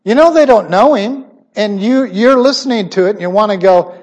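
A middle-aged man preaching a sermon emphatically, his voice swinging suddenly between loud stressed words and quiet asides. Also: sits high, moderate pace, few pauses.

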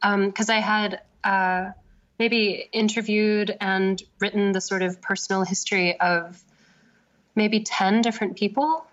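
A woman's voice: medium pitch, steady tone, unhurried. A woman novelist being interviewed, thinking aloud in a casual, hesitant way with many fillers. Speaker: novelist guest. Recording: slightly dull lo-fi sound.

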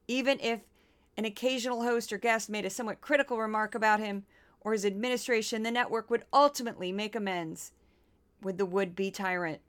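A woman podcast host from Missouri with a smooth, clean voice at a middling pitch. She chats casually with playful asides, then moves into scripted narration. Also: fairly even intonation. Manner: chatty, quick asides, playful impressions.

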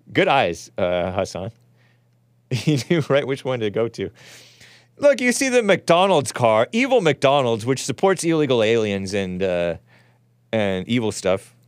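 A man's voice: mid-range voice, sing-song, measured pace, clear, resonant tone, dry recording. A male host giving rambling, wry live-stream commentary on footage, often chuckling to himself.

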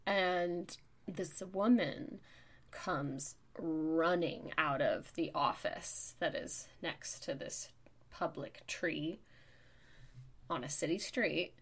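A woman podcast host telling a story in casual chat, getting louder and more worked up as she goes. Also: slow pace. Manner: animated, gets louder and higher as the story heats up. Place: New York.

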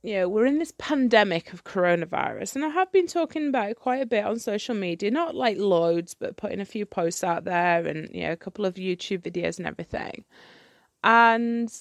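A woman's voice: mid-range voice, expressive, fairly quick, no echo, studio quality. A woman hosting her own podcast, talking candidly and rambling with plenty of fillers and restarts. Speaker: podcast host. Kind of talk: candid solo podcast chat.

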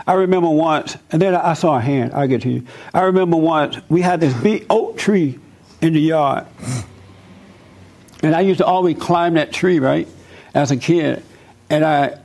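A man's voice: on the high side, darkish tone. Man preaching in a folksy way. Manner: conversational, folksy, with personal stories. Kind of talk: informal sermon.

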